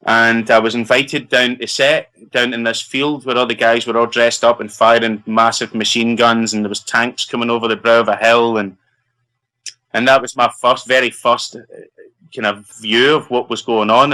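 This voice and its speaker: Actor, bright forceful voice, chatty anecdote teller. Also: male voice, medium pitch, rough recording. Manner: lively, laughs while telling a story. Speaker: actor guest. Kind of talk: anecdotal storytelling.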